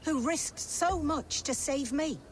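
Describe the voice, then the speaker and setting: A woman's voice: high-pitched, slow, faint music behind. An actress voicing a frightened, injured young woman held captive in a video game, asking wary, pained questions. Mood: anxious.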